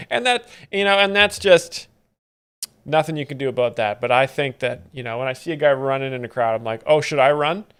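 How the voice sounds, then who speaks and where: A man hosting a live stream, explaining comedy clips in a mock-pedantic, deadpan way. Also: mid-range voice, brisk, clean tone. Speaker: comedy commentator host.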